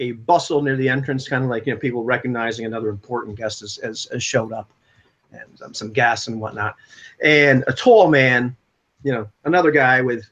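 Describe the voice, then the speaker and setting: A man with a medium-pitched, slightly bright voice narrates a tabletop role-playing game as game master. He rambles with plenty of fillers and chuckles often. The recording is dull and lo-fi.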